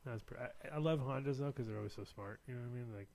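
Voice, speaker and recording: Casual American male host, mid pitch, gravelly texture, loose rambling delivery. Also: darkish tone. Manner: rambling storyteller, quick to laugh. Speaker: show host. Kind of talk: casual chat.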